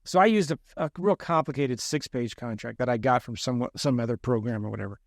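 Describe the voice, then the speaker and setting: A man's voice: mid-range voice, brisk, vocal fry, dry recording, studio quality. A man, a real estate investor, telling a story in a podcast interview, self-deprecating and acting out the lines he quotes.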